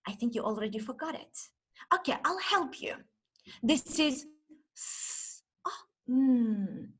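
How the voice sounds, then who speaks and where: High, lively woman teaching. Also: husky. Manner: slow, exaggerated classroom talk, sounding out letters. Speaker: teacher trainer. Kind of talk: online teaching demonstration. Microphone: video call.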